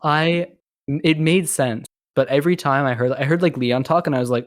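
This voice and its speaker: A man co-hosting a casual podcast, talking in a loose, rambling way and laughing often. His voice sits in a middling pitch, recorded close and dry with no room sound. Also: brisk, dry recording. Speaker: podcast co-host. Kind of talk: casual chat.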